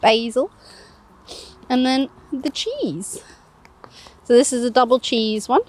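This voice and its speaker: A woman's voice: high voice, big pitch swings, a little slow, darkish tone. A woman chatting casually while showing how she makes toasties outdoors on a fishing bank, laughing often. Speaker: co-presenter, cooking on the bank. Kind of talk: casual cooking demo chat.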